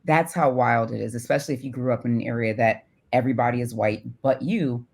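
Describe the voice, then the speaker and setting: A woman with a low, deep voice talks through her story in a relaxed podcast chat. She laughs often and keeps checking in with "right?" as she goes. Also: fast, gravelly. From Syracuse, New York. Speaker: podcast co-host. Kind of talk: casual chat.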